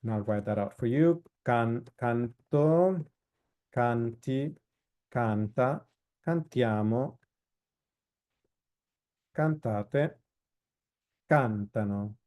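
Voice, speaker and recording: A man teaching a recorded lesson, explaining verb forms slowly with frequent fillers and listing each form one by one. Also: medium pitch, a little mellow. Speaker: Italian instructor. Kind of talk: recorded lecture.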